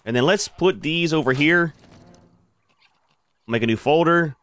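A man's voice: a little high, a little slow, a bit bright. A man hosting a gaming channel, giving casual commentary as he plays and chatting to his creatures in a laid-back way.

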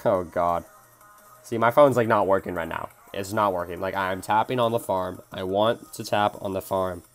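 A man's voice: low voice, fairly even intonation, normal speed, faint music behind. A young man live-streaming a mobile game, swearing at his phone and answering chat as he plays. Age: young adult. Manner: frustrated, swearing, reading chat aloud. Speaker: gaming streamer.

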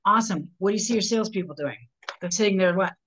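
A woman guest on a video call talks about car sales training. She tells stories in an animated way and breaks into quick voices for customers and salespeople. Her pitch sits mid-range. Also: rough recording. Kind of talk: podcast interview storytelling.

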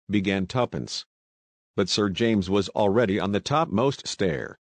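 A man narrating an audiobook in a steady, even reading voice. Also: on the low side, measured pace, no echo. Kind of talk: scripted narration.

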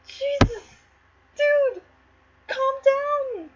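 Playful woman reading a play on stream, high voice, kinda muffled with light hiss. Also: extremely slow, pauses often. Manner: playful, blurts out joking asides. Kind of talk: casual live-stream reading. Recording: slightly muffled with faint noise.

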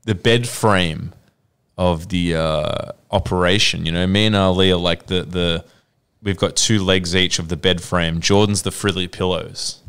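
A man's voice: deep voice, fairly even intonation, a little slow, a bit bright, clean tone. An Australian man co-hosting a podcast in casual, rambling, self-deprecating chat. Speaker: podcast co-host.

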